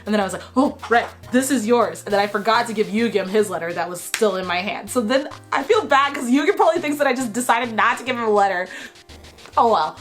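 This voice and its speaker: A woman's voice: a little high, fast, faint music behind. A young woman from Texas telling a casual storytime, chatty and laughing often, her voice worn from a cold. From Texas, USA. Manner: chatty, animated retelling with frequent 'like' and laughs. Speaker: vlogger.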